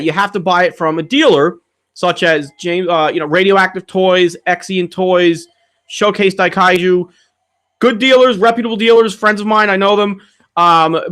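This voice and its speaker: High-pitched dude on a live q&a stream, rambly, cusses a lot, goes on rants. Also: male voice, fairly bright tone. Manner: rambling, profane, ranting. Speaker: channel host answering viewer questions. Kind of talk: casual livestream Q&A. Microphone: streaming setup mic.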